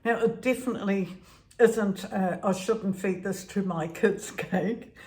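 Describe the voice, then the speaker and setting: A woman's voice: medium pitch, measured pace, darkish tone. A woman chatting casually as she bakes at home, laughing often and trailing off with fillers. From Netherlands. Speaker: vlogger. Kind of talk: casual home baking vlog.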